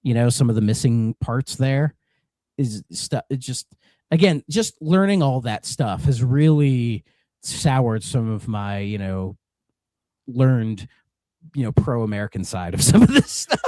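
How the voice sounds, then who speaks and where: A man's voice: mid-range voice, animated, measured pace, dark tone, dry recording. A man co-hosting a retro game podcast in casual, rambling chat, swearing and drifting into rants. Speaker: podcast co-host.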